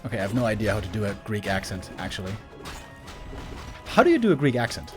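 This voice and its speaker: A man commentating a strategy game match solo, chatty and excitable, laughing often and rambling off-topic. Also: lowish voice, fast, over music. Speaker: esports caster.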